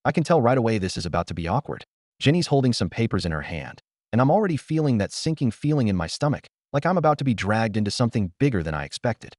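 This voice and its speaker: Expressive male story narrator. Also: medium pitch, fast talker, no room sound, clean studio sound. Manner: conflicted, earnest storytelling. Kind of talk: first-person scripted narration.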